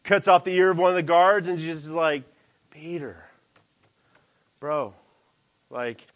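A man preaching a sermon in a lively, animated way, jumping into character voices for quoted lines. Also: quick pace. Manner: animated, acts out quoted lines with big pitch jumps.

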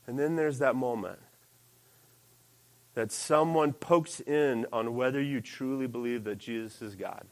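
A man preaching a sermon in a lively, animated way, jumping into character voices for quoted lines. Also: measured pace. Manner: animated, acts out quoted lines with big pitch jumps.

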